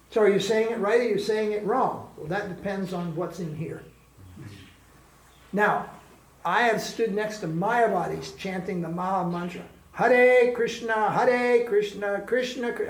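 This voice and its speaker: A man giving an informal spiritual class, joking, laughing often and imitating how people chant. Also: sits high. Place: ashram class room. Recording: echoey room with faint background ambience.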